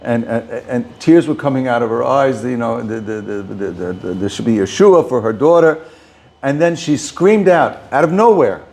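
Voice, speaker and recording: A man's voice: medium pitch, moderate pace, vocal fry, a little mellow. A man, a rabbi, giving an informal talk to a small group, often repeating and restarting words.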